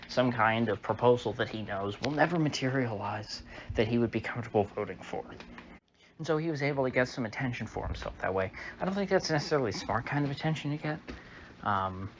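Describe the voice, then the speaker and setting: A man's voice: mid-range voice, a bit bright, slight background noise. Sarcastic man, slightly muffled home mic. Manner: sarcastic, mocking voices of opponents, chuckling asides. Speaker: political commentator. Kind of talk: solo political commentary monologue.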